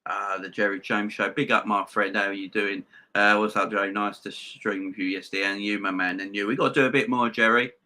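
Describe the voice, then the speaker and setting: A man with a low, hard-edged, pushy voice, hosting a fan live stream and firing back at viewer comments. He hammers his points home by repeating them and keeps calling his viewers "guys". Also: steady tone, brisk, few pauses, bright, forceful tone. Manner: emphatic, repeats himself, addresses viewers as guys. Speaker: host of a football fan channel.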